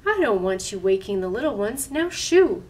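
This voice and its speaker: Woman doing a hushed, impatient storybook wolf. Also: mid-range voice, lively intonation, fairly quick, a little hiss or hum, natural voice. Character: gruff male wolf babysitting piglets.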